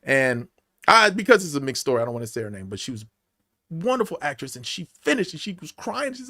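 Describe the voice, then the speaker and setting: A man's voice: mid-range voice, fast talker. A man in his forties, an actor, telling a personal story in a podcast interview, acting out the voices of the people in it. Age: 40s. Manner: animated storyteller, acts out voices. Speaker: actor guest. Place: podcast studio.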